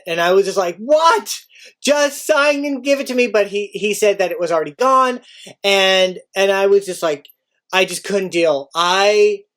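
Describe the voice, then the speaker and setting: Excitable man retelling a panic. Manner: excitable, acts out his own panic with sudden high outbursts. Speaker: teacher. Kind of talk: casual storytelling.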